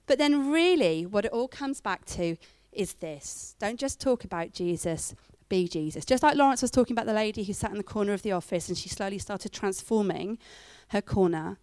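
Animated woman preaching, dry sound. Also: medium pitch, smooth, no echo. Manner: animated storytelling with acted-out quotes. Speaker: speaker giving a church talk. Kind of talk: sermon.

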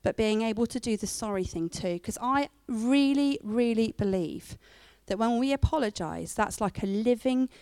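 A middle-aged woman giving a church talk, telling stories with lively acted-out quotes. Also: fairly high pitch, normal speed, hardly any pauses, smooth, no room sound. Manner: animated storytelling with acted-out quotes. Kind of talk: sermon.

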